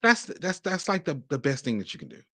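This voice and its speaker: Animated man from Mississippi, dry close sound. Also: on the high side, a little fast, no echo. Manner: animated, talks in bursts with restarts. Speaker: podcast host. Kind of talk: casual commentary.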